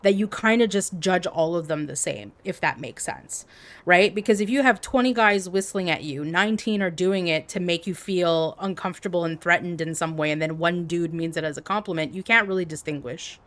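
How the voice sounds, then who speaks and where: A woman livestreamer telling stories in casual chat, animated and peppered with "like". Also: lowish voice, a little fast. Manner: animated, heavy use of "like".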